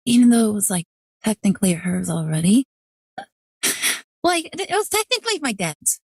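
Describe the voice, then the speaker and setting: A woman streamer chatting casually and telling a long story, rambling with "like" in nearly every phrase and dropping into a lower voice when she quotes people. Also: very animated, creaky, a little mellow, slightly rough, no room sound, studio quality. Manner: rambling, fills every pause with "like". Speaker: VTuber streamer.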